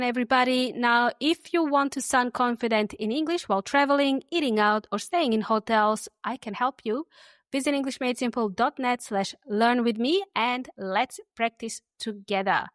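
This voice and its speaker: Woman teaching english on a podcast, kinda high voice, says each phrase slow and repeats it, dry close sound. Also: a bit bright, dry recording. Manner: friendly, repeats example phrases slowly for listeners. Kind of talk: podcast language lesson.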